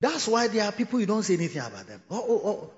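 A man with a Ghanaian accent preaching a sermon, animated, laughing and rising to shouts. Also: high voice, fast. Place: large church hall. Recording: echoey hall, dull lo-fi sound.

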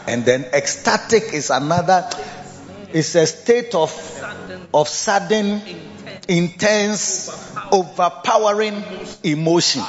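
Man, preaching, animated, somewhat high voice, long hall echo. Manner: animated, repetitive, laughs often, coaxes listeners to repeat. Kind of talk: sermon. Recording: dull lo-fi sound in a reverberant hall with faint music.

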